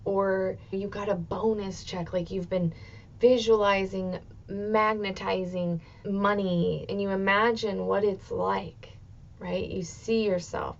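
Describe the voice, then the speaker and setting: A woman in her thirties hosting a motivational solo podcast, talking expressively and swearing freely, with bursts of excitement. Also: mid-range voice, slow, creaky, lo-fi sound. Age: 30s. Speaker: podcast host.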